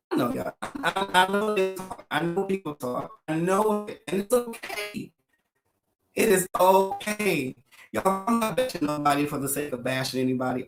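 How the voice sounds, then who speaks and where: Emotional man, gravelly, echoey room. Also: on the high side. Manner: emotional, preacherly, addresses viewers as y'all. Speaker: vlogger sharing his life story. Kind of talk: heartfelt personal vlog to camera.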